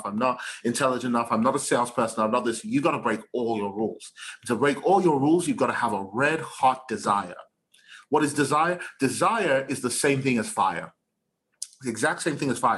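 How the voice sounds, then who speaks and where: A man's voice: mid-range voice, a bit bright. Emphatic man giving a motivational talk. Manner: emphatic, repetitive, preachy. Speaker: motivational speaker.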